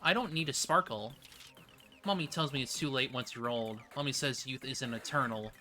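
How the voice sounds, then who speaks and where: Streamer voicing an anxious lil kid scared to upset mommy, bright tone, faint music behind. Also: mid-range voice, normal speed, natural voice. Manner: reading game dialogue aloud in a plain, even way. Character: anxious child afraid of upsetting its mother.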